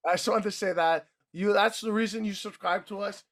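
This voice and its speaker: A man's voice: high voice, steady tone, fairly quick, a bit bright. A young man co-hosting a casual wrestling podcast, joking around and swearing freely. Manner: joking, swears freely, talks over others. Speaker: podcast co-host.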